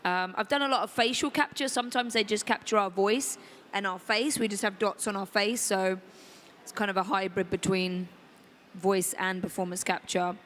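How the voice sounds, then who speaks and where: An actress talking casually on a convention panel, easygoing and a little hesitant. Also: female voice, medium pitch, fairly even intonation, normal speed, a bit bright, slight background noise. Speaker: voice and motion capture actress.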